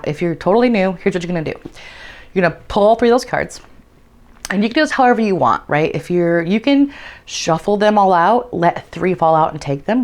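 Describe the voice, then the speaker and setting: A young adult woman talking casually as a tarot vlogger, explaining a method with plenty of "like" and "um" and the odd swear word. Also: lowish voice. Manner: chatty, frequent "like" and "um" fillers, casual swearing. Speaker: tarot content creator. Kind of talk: casual instructional vlog.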